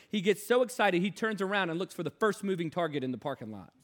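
A man preaching a sermon, moving between quiet storytelling and loud, urgent exhortation. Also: sits high, animated, fast talker, hardly any pauses.

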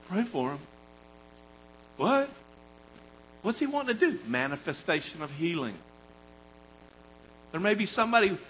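A man preaching a sermon, talking to the congregation in an animated, conversational way that swings from loud emphasis to quiet storytelling. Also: a little high, slight background noise, poor audio.

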